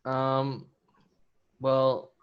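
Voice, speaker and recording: A man's voice: medium pitch, completely flat delivery, very slow, clear, resonant tone, lo-fi sound. A man playing in a tabletop game, rambling through his turn and laughing between lines. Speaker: player. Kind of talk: casual tabletop game play.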